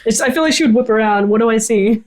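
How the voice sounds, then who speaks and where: A woman playing her character in a tabletop game, quick and playful, laughing easily and slipping into a prim, formal voice. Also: a little high, a little mellow. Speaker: player.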